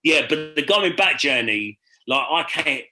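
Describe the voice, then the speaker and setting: A man's voice: on the high side, animated, a little slow, background noise. A man hosting a podcast over a video call, telling rambling stories in casual chat, swearing and acting out other people's voices. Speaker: podcast host.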